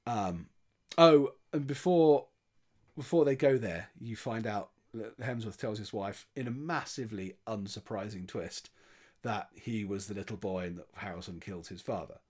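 A man's voice: fairly low pitch, moderate pace, a little mellow. A man chatting casually, retelling a film's plot with many restarts and quoted lines. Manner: chatty, rambling, with frequent restarts and voiced quotes. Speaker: podcast film reviewer.

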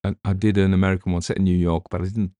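A man's voice: low voice, little pitch movement, rapid-fire, dark tone, dry recording. A middle-aged man with a British accent, an audiobook narrator rambling in casual chat with wry asides.

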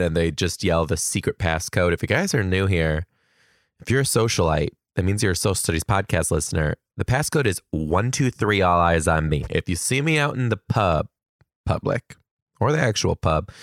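A man hosting a solo podcast in a campy, playful way, his voice leaping up high for greetings and jokes. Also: no echo, clean studio sound. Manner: campy, playful, big swoops in pitch. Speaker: podcast host.

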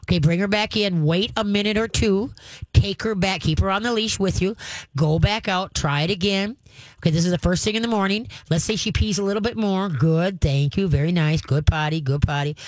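A woman's voice: mid-range voice, brisk, no echo. Woman, radio advice host, folksy, emphatic, dry close sound. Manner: folksy, emphatic, laughs often. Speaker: radio show dog trainer host.

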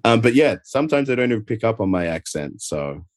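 A professional wrestler with an Adelaide Australian accent chats easygoingly from home as an interview guest, rambling with lots of filler words. His fairly low voice is very animated and a little fast, in a dry, studio-quality recording.

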